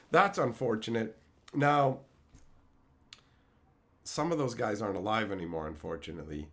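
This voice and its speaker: Animated man telling stories on a live stream. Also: mid-range voice, normal speed. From Canada. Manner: animated, swings into loud shouted quotes. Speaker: streamer opening card packs. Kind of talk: casual live-stream storytelling.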